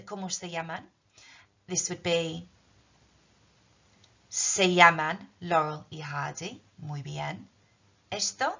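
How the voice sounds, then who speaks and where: A woman's voice: lowish voice, bright, forceful tone. A woman teaching a recorded language lesson, explaining patiently with frequent ums. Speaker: Spanish teacher. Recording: dull lo-fi recording.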